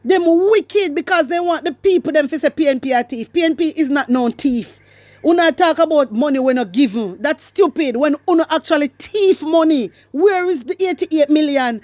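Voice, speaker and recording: A woman's voice: high-pitched, lively intonation, moderate pace, a little mellow, dry recording. A woman with a Jamaican accent giving emphatic, repetitive political commentary to her viewers, mixing in patois. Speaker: commentary vlogger.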